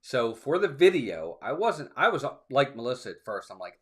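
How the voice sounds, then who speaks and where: On a theme park livestream, a male co-host chats casually and spins a rambling story, speaking at a moderate pace in a very animated, medium-pitched voice. He quotes people along the way and acts out both the quotes and the ride motions.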